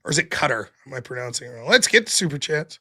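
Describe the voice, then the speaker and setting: A man hosting a live stream, reading viewer messages aloud with sarcastic, animated commentary. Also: mid-range voice, quick pace, husky. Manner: sarcastic and animated, mocking repetition. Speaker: livestream host.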